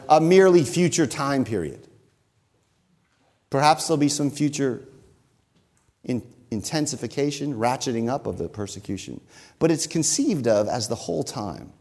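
A man preaching a sermon, who slows down and stresses key phrases. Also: fairly high pitch, darkish tone. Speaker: pastor.

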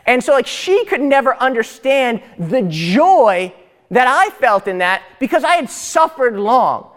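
A young man with a high-pitched voice teaches by telling a story, animated and chatty, often turning to his listeners for agreement. His words ring out with a long tail of reverb, as in a big hall. He talks like someone at ease in front of a class. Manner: animated, conversational, often tags "right?". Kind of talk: storytelling lecture.

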